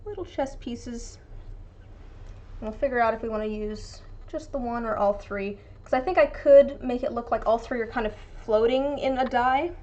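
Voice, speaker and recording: A woman's voice: fairly high pitch, moderate pace, dark tone, lo-fi sound. Chatty young woman streaming her crafts. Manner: chatty, rambling, frequent fillers and restarts. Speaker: resin dice maker streaming her craft. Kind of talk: casual live-stream chat with viewers.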